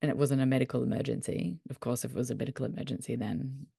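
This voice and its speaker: A woman speaking as a doctor guest, telling lively stories in casual conversation and laughing often. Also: rumbling low, quick pace, creaky, husky, no echo, studio quality. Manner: lively, animated storyteller who laughs often.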